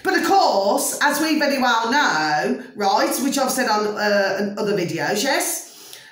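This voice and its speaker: A woman's voice: a little high, very animated, unhurried, fairly bright tone, very echoey, recorded from a distance. A woman vlogger in an opinionated monologue, emphatic and ranting, forever asking her viewers if they see what she means. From United Kingdom.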